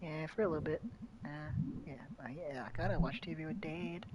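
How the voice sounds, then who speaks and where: A man's voice: on the high side, a little fast, very noisy. Laid-back man streaming a game. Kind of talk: casual gameplay chat.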